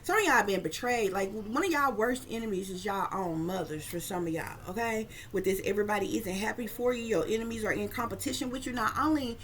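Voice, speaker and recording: A woman's voice: medium pitch, brisk, few pauses, a little hiss or hum. Blunt, profane woman talking to viewers. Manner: blunt, profane, animated storytelling with frequent asides to viewers. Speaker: psychic tarot reader. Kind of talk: casual monologue to viewers.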